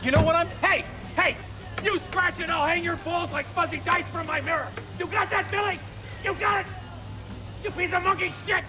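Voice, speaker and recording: An actor playing a crude, loud-mouthed man who yells insults and sales pitches in a film clip. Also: steady tone, normal speed, music in the background. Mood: threatening. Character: crude loud hustling man, aggressive car-proud salesman.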